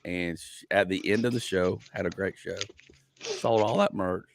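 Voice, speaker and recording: A male comedian hosting a casual podcast chat, telling stories in an animated way and repeating phrases. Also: sits low, moderate pace, vocal fry, no echo.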